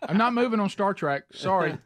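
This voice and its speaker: A man's voice: high voice, animated, fairly quick, fairly bright tone, dry recording. A man with a Southern American accent co-hosting a radio show, joking about himself and laughing often. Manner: self-mocking, laughs often. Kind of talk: casual radio banter.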